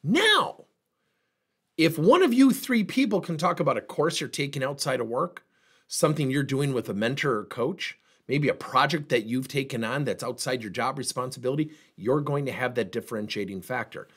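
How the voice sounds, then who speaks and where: A middle-aged man gives a motivational training talk to employees in a husky voice. His pitch rises and falls widely as he acts out the people in his stories. He delivers it as an energetic workplace speaker. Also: moderate pace. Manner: animated storyteller, plays out dialogue.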